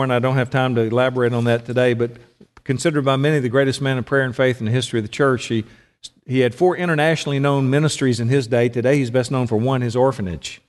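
Man preaching in an echoing hall. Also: mid-range voice. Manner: conversational, asks the audience questions. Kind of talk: sermon.

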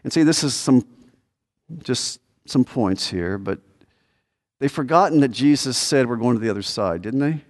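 A man's voice: animated, moderate pace. Man preaching with sudden rising cries. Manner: conversational preaching with rhetorical questions and acted-out cries; swings between raised pleading lines and low quiet asides. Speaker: pastor. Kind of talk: sermon.

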